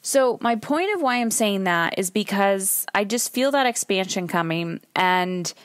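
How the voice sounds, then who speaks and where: A woman's voice: medium pitch, lively intonation, unhurried, no echo. Woman podcast host, thirties, recording in her car, dry close sound; candid, emphatic, swears casually. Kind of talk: solo podcast monologue.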